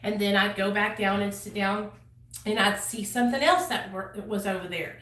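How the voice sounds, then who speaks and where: A woman's voice: medium pitch, fairly even intonation, moderate pace, fairly bright tone. A woman telling her own story to camera in a casual, blunt way, swearing freely and using many fillers. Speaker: channel host sharing her recovery story. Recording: echoey room, voice a bit far from mic.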